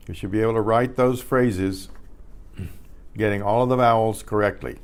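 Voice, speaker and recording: An older man teaching a beginner Spanish class, patiently repeating practice words and often clearing his throat. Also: fairly low pitch, fairly even intonation, normal speed, long pauses. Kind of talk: beginner language lesson. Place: community class room.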